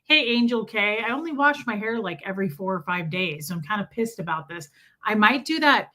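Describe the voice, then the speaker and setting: A woman's voice: mid-range voice, a little fast. A young adult woman hosting a casual livestream from home, chatty and friendly as she greets viewers by name. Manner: chatty, warm greetings, frequent laughs. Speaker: livestream host. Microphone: streaming setup mic.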